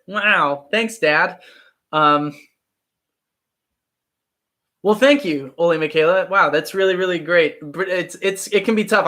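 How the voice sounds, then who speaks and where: This is a young man with a Midwestern American accent, his voice sitting a little high for a man. He hosts a casual livestream chat, thinking out loud and circling back with plenty of restarts. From Ohio, United States. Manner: thoughtful, rambling with many restarts. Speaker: YouTube livestream host.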